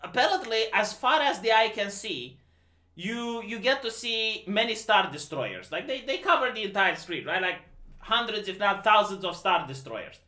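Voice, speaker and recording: A Romanian livestream host rants casually about a movie, incredulous, animated and freely profane. His bright voice swings widely in pitch at a moderate pace, and the room gives off a noticeable echo.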